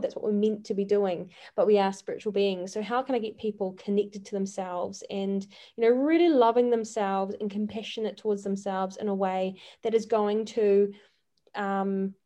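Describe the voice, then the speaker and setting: A life coach guests on a podcast in a casual interview, her voice mid-range and mellow. She speaks earnestly, often using fillers and restarting sentences.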